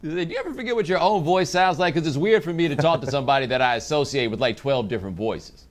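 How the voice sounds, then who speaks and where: A man co-hosting a TV talk show in a relaxed, teasing manner. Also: fairly high pitch, fast talker. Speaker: TV co-host.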